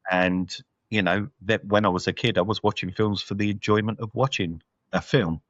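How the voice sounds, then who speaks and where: This podcast co-host's voice is lowish and fairly bright, with a steady tone and normal speed. He chats loosely about a film, thinking out loud with many fillers, on a lo-fi recording free of echo.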